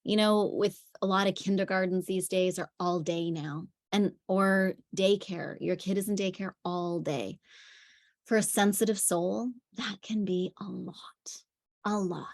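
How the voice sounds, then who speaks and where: A woman's voice: mid-range voice, fairly even intonation, unhurried. A woman parenting coach giving a conversational teaching talk, telling stories with frequent fillers. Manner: chatty storytelling with frequent fillers.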